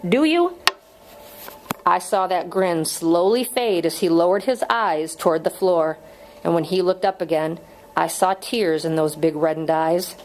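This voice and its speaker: A woman narrating a novel chapter aloud in a steady, measured reading voice. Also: fairly low pitch, a little hiss or hum, rough recording. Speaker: audiobook reader. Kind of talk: audiobook narration.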